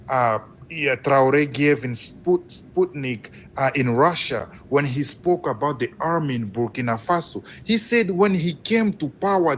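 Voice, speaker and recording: A man from Congo, calling in to a live stream with impassioned, emphatic commentary. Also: fairly high pitch. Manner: fervent, emphatic, rising with excitement. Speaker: caller. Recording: faint background noise.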